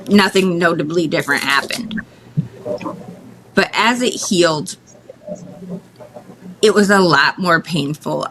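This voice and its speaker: Woman guest, low-pitched, candid and halting personal storytelling, faint background noise. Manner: candid, emotional, halting with restarts. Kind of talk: casual interview storytelling.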